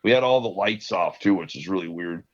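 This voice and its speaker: A man's voice: low-pitched, brisk. A man telling rambling stories in casual podcast chat, laughing often. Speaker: podcast co-host. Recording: dull lo-fi sound.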